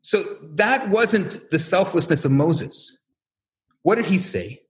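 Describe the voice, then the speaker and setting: A man lectures as a rabbi with a high voice and a wide-swinging, lively pitch. He tells stories animatedly and acts out the quoted speakers as he goes. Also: slow pace. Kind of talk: religious lecture.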